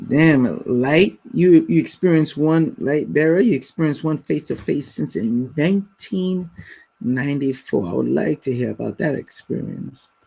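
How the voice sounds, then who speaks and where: A man's voice: a little high, normal speed, vocal fry, dark tone, breathy edge. A man hosting a live stream, talking bluntly and casually to his viewers in slang. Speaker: livestream host.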